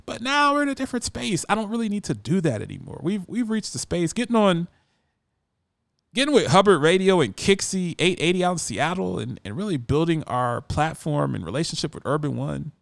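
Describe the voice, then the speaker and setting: Man, radio host, brash emphatic monologue, lively swinging pitch, dry close sound. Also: fairly quick, gravelly, dry recording. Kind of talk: casual monologue.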